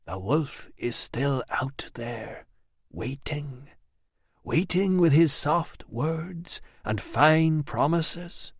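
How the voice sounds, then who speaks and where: Rallying tribal storyteller, old man, slow calls, storybook, male reader voicing him. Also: a little high, lively intonation, husky, no echo, studio quality, heavily acted. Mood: rousing. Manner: rising rallying calls to a crowd.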